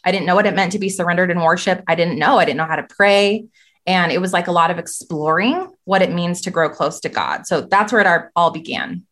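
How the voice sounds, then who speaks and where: A woman's voice: on the low side, lively intonation, fairly quick, a bit bright. A middle-aged woman, a podcast guest, telling her faith testimony in an earnest, emphatic way with lots of repetition.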